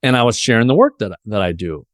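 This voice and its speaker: A man's voice: on the low side, big pitch swings, fast, no echo, studio quality. A man hosting a podcast interview, telling a personal story earnestly and openly. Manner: earnest, emotional storytelling with restarts. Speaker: podcast host.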